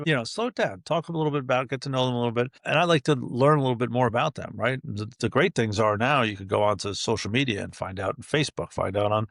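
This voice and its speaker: A middle-aged man talks fast in a gravelly voice, acting out little scenes as he goes. The room sounds dry and close. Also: medium pitch, no echo. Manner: chatty, animated storyteller acting out dialogue. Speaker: podcast guest, entrepreneur. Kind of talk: casual interview talk.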